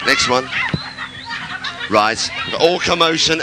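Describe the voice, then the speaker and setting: A man's voice: medium pitch, expressive, unhurried, background noise. A man compering a live outdoor stage show on local radio, joking and teasing the crowd and calling out to them. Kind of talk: live outside broadcast compering. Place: outdoor stage in a town centre. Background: music playing.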